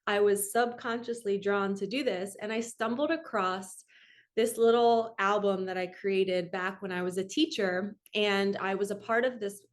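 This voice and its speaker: A woman's voice: medium pitch, steady tone, normal speed. A woman in her forties, a manifestation coach, telling a personal story in a candid, emotional, rambling way.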